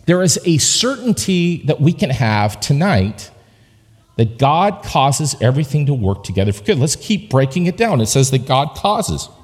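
A man's voice: on the high side, sing-song, moderate pace, in a large hall. A man preaching a sermon in a church, conversational and joking with the congregation, driving points home with emphatic repetition. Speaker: pastor. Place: church sanctuary.

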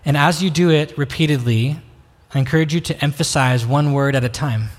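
Reflective male pastor in a hall. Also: on the high side. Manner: slow, reflective pauses, inviting. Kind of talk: sermon. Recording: long reverb of a hall.

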